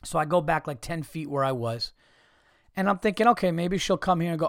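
A man hosting a podcast, telling stories in a profane, animated comedic rant with frequent restarts. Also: a little high, fairly quick, no echo, clean studio sound. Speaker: podcast host.

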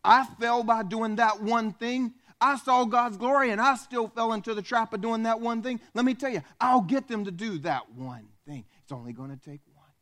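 A preacher putting on a seething, scornful Satan. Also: male voice, extremely high pitch, moderate pace, fairly bright tone, pitched above the performer's own voice. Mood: boastful vow. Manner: bitter, boastful, scornful muttering. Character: seething proud male fallen angel, Satan. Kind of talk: dramatized sermon monologue.

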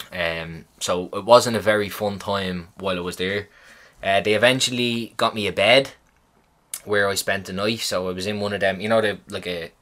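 A young man casually retelling a hospital visit, swearing and rambling, animated in the telling. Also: fairly low pitch. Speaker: vlogger. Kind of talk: casual storytelling chat.

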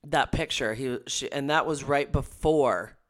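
A man's voice: medium pitch, measured pace, a bit bright. A man co-hosting a podcast, retelling scenes animatedly, quoting others and swearing. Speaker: podcast co-host. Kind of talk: casual chat.

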